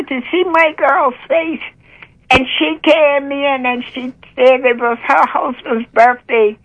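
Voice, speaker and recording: Older lady caller, high voice, slow, voice catching, praising the lord on a dull phone line. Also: steady tone, fairly bright tone. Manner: fervent, breaks into praise, voice catching with emotion. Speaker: caller sharing a testimony. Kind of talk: emotional testimony.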